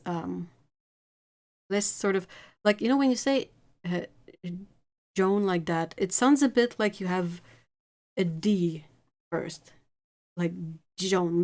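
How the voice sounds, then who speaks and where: Slow, low-voiced woman streamer. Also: a little mellow. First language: French. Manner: chatty, laughs often, answers viewer comments. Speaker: art livestream host. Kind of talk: casual livestream chat.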